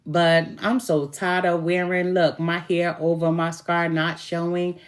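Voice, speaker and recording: A woman's voice: fairly low pitch, level tone, a little slow. A woman reading tarot as a self-styled good witch, talking casually to camera with laughs and a few swear words. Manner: chatty, laughing, swears while telling stories. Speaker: tarot reader calling herself a good witch.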